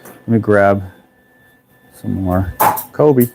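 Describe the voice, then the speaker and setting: A man's voice: on the low side, extremely slow, vocal fry, noisy background. A man from Canada, an artist talking to himself in a casual vlog while he builds a sculpture, half-singing a repeated phrase. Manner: mutters and half-sings a repeated working phrase.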